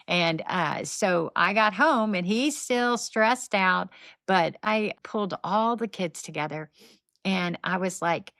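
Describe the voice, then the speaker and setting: Speaking slowly in a mid-range voice, with no echo, a middle-aged nonprofit founder guests on a podcast. She's animated as she shares faith-based stories conversationally, voicing people's quotes as she goes.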